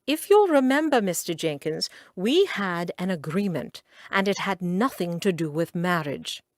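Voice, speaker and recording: A spirited young lady of a romance storybook speaks with emphasis and indignation, played by a woman narrator. Her pitch swoops widely and she takes her time. The sound is close and dry. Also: expressive, measured pace, dry recording. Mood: indignant.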